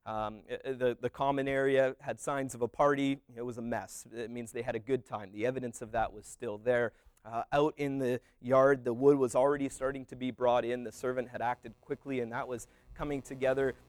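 A man tells a parable as an unhurried story. He rambles and restarts, and he leans on fillers as he goes. His voice sits at an ordinary middle pitch, recorded close and dry. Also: steady tone, darkish tone, clean tone, no room sound.

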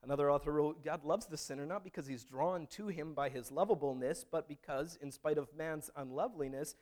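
A man's voice: fairly high pitch, brisk, darkish tone. Man preaching in a casual storytelling way. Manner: conversational preaching with restarts and vivid storytelling. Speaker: pastor. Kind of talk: sermon.

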